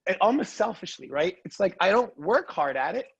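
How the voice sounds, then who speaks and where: A man's voice: high voice, sing-song, creaky, breathy edge, dry recording, lo-fi sound. A man telling his life story as a guest in a casual interview, earnest and emotional. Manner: earnest, emotional, quick asides like "right?".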